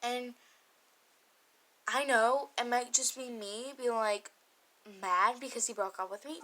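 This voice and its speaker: Woman vlogger, bright and sharp tone, candid and emotional storytelling with frequent swearing. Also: on the high side, moderate pace, low-quality recording. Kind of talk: confessional storytime vlog.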